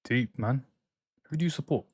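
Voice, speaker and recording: A man's voice: medium pitch, moderate pace, a little mellow, husky, no echo. Man chatting on a live stream, dry sound. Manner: reads out and answers viewer chat, opinionated banter. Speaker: football watchalong streamer. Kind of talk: casual live-stream chat. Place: home streaming room in France.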